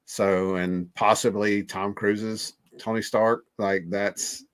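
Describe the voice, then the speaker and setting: A man co-hosting a podcast, talking about movie trailers with enthusiastic, rambling fan excitement. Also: fairly low pitch, slow. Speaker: podcast co-host.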